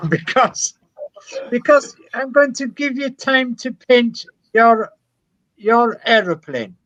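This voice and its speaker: A man's voice: very high voice, animated, takes it slowly, a bit bright, no room sound, dull audio, voice pushed up, full character voice. A man putting on a blustering wartime dictator calling his enemy, in a jokey, muddled mock foreign accent. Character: blustering wartime dictator on the phone, male adult.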